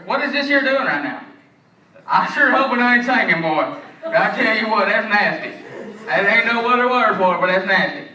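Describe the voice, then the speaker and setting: A man's voice: high voice, animated, normal speed, background noise. A man playing a brash, greasy male chef emcee with a drawl, hyping up a live crowd. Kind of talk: live comedy stage bit. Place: live venue. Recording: echoey hall, far from the mic, loud music.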